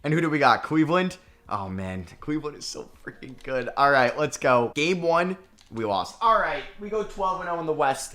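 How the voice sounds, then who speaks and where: A medium-pitched man, a gaming video creator, provides commentary while playing a basketball simulation, reacting with both excitement and frustration.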